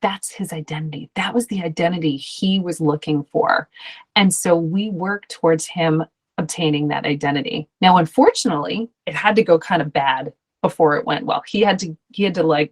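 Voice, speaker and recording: Woman, parenting coach, low voice, chatty, many ums, acts out quotes. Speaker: ADHD coach.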